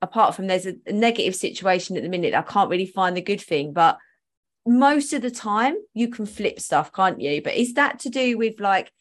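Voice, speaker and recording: A woman's voice: mid-range voice, lively intonation, moderate pace. Woman, podcast host, casual chat, laughs often, trails off. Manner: chatty, laughs often, trails off mid-sentence.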